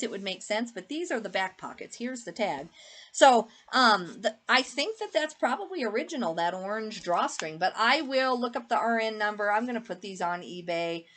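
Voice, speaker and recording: Her voice sits in the mid-range with a slightly bright quality. She's a middle-aged eBay reseller talking casually in a haul video, filling her speech with fillers as she displays thrift finds.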